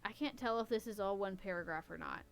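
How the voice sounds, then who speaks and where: A woman's voice: medium pitch, fast talker, gravelly, soft background music. A woman podcast host reading a story aloud in a casual way, stopping to poke fun at the writing. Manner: wry, stops to mock the writing. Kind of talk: casual reading with running commentary.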